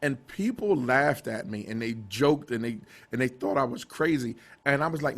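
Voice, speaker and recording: A middle-aged man, a TV station director, telling stories in a casual interview, animated and laughing, with many restarts. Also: medium pitch, moderate pace, few pauses.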